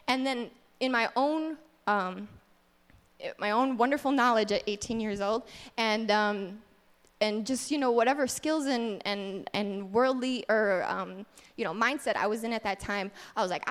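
A woman's voice: fairly high pitch, unhurried, a bit bright. A woman giving a casual sermon-style teaching at church, candid and self-deprecating about her own faults. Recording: long hall reverb.

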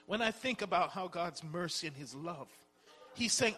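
Man preaching, kinda high bright voice, chatty, asks the crowd questions, big reverb. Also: animated, fairly quick. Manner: conversational, rhetorical questions, repeats words. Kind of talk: sermon. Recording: long hall reverb.

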